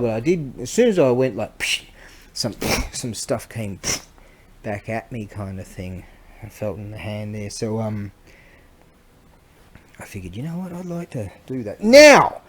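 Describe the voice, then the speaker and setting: A middle-aged man, chatting casually in a vlog and rambling as he loses his train of thought. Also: medium pitch. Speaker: vlogger selling antiques.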